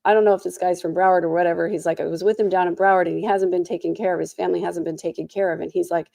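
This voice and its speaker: A woman recaps a court case in casual commentary, her voice lowish, mellow and dark. She sounds tired, with a sore throat, and drops snarky, sarcastic asides. The sound is close and dry. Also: fairly even intonation, rapid-fire, vocal fry, no echo. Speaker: trial recap host.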